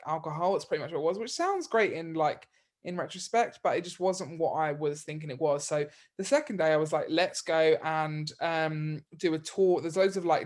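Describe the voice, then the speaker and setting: Rambling man with a higher voice. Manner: rambling, with many fillers. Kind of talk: casual storytelling chat.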